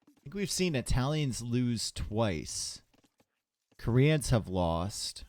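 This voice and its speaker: A man commentating a live strategy game tournament in a laid-back, chatty way. His voice sits at an ordinary middle pitch, and he drifts between play analysis and talk with his viewers. He is recorded on a desk microphone in a home streaming setup. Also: lively intonation, drawn-out words, long pauses, a little mellow. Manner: casual, chatty, talks to chat between plays. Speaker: tournament caster.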